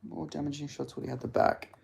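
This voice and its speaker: Guy streaming a watch-along, rants and swears a lot, voice sits a bit high. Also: fairly even intonation, fast, vocal fry, a little mellow, slight background noise. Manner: ranting, indignant, heavy swearing. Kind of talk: live stream reaction commentary.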